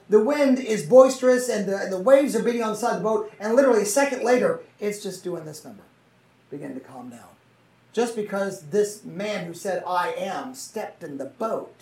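A Bible teacher reading scripture aloud and explaining it in a conversational way, often checking in with listeners through tag questions. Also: mid-range voice. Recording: roomy, mic far from the speaker.

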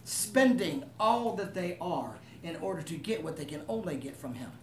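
A man's voice: on the high side, very animated, normal speed, a little hiss or hum. Echoey distant man preaching. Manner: conversational, asks the room for agreement. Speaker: pastor. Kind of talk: sermon.

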